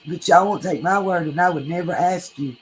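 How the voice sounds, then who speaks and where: A woman's voice: lowish voice, fairly quick, slight background noise, poor audio. A woman hosting a true crime livestream, chatting casually, reading comments and thanking viewers by name.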